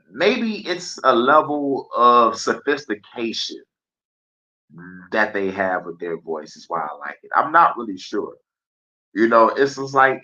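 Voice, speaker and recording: A man's voice: medium pitch, sharp tone. A man hosting a live stream, rambling in a casual, profane monologue and laughing often. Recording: dull lo-fi stream audio.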